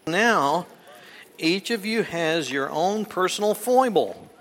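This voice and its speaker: A man's voice: high-pitched, lively intonation, slow, fairly bright tone, a little hiss or hum. A man giving a children's sermon in a church, playful and coaxing, asking the children question after question. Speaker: pastor. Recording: long echo of a large hall.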